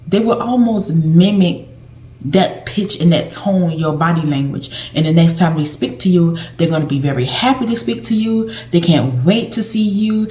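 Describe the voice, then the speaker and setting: A woman's voice: lowish voice, warm tone. A woman speaking to camera about caregiving, in a conversational way that often repeats and restarts phrases. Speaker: caregiver giving advice. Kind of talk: casual advice talk to camera. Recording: echoey room.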